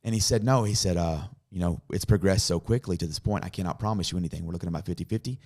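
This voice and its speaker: A man, a pastor, tells a personal story in a podcast conversation, earnest and dropping to a hush in emotional moments. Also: deep voice, racing.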